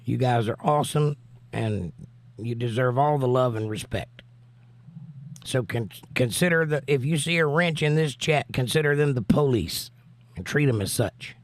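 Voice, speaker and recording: A man with a Southern US accent and a hoarse voice, hosting a livestream and reading chat comments aloud in an easygoing, drawling way. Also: medium pitch, normal speed, no echo. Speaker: livestream host.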